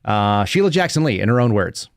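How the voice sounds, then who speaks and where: A man's voice: fairly low pitch, very animated, brisk, vocal fry, dry recording. A man in his thirties hosting a live podcast, giving blunt, mocking commentary and laughing often. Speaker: podcast host.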